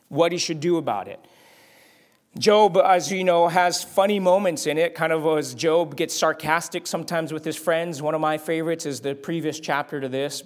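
A man preaching a sermon as a pastor, conversational, asking rhetorical questions and shifting pitch and volume for emphasis.

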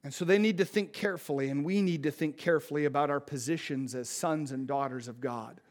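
High-voiced, impassioned male preacher. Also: brisk. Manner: impassioned, pleading, swings from hushed to loud. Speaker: pastor. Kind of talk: sermon.

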